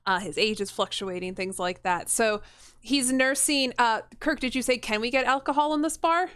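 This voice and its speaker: A woman taking part as a player in a tabletop game, chatty and quick with asides. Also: fairly high pitch, fairly bright tone, clear, resonant tone, no room sound, studio quality. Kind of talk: casual tabletop role-play.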